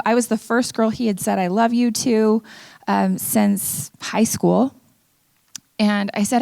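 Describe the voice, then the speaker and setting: A woman's voice: medium pitch, fairly even intonation, unhurried, vocal fry, a little mellow, no echo. A middle-aged woman from Utah giving an earnest, candid personal testimony talk at an event. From Utah, USA. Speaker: speaker. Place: event venue.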